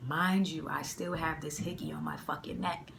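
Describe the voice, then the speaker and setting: A young woman from the area, telling a personal story in a casual, slangy, animated way on a phone mic. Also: low-pitched, normal speed, creaky, slight background noise. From Boston area. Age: young adult. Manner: animated, slangy, acts out the dialogue. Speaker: vlogger.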